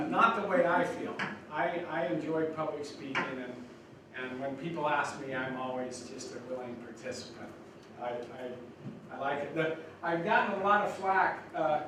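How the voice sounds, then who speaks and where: Casting note: older male speaker, rambling and folksy, recorded far off in an echoey room with noise behind. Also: a little high. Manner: folksy, rambling with many restarts. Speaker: guest speaker. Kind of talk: speech to students. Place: college lecture room. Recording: echoey hall from far off, noisy.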